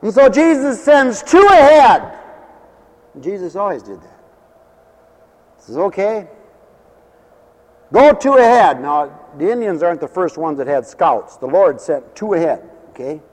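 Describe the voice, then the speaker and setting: High-voiced preacher guy telling stories all animated, long echo like a big hall. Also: measured pace, pauses often. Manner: animated storytelling, acting out scenes. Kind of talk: sermon.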